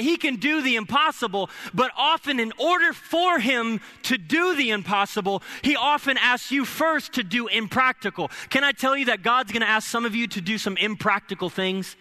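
A young adult man preaching a sermon as pastor, lively and humorous, building at times to shouting. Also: very high voice. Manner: energetic preaching with humorous asides.

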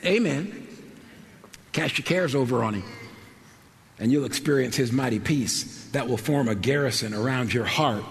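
A man preaching a sermon with passion, swinging between soaring, shouted lines and hushed, quiet ones. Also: medium pitch, moderate pace, creaky. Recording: long hall reverb, faint background noise.

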